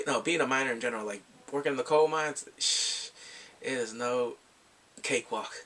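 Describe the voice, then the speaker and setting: A man's voice: medium pitch, normal speed, fairly bright tone. Chatty man recapping a film, slightly distant. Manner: chatty, rambling, with filler restarts. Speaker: movie reviewer. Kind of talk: casual plot retelling.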